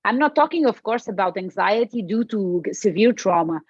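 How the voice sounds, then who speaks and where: Her husky, medium-pitched voice moves at a moderate pace as this Portuguese-accented woman, a medicine practitioner, gives a podcast interview. She repeats herself and speaks with emphatic animation. The recording is muffled and has no echo.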